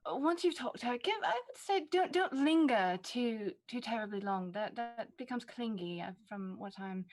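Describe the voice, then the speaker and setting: A woman's voice: fairly high pitch, animated, moderate pace, natural voice. A woman voicing a refined vampire woman in a tabletop game, speaking in a genteel, coaxing way. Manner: genteel, says "darling". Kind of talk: in-character role-play.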